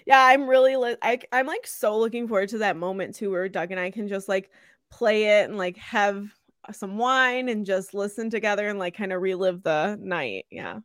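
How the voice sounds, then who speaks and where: A woman's voice: mid-range voice, moderate pace, a bit bright, no room sound, clean studio sound. A young woman co-hosting a podcast, telling stories in a chatty way and laughing often. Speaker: podcast co-host. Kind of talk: casual chat.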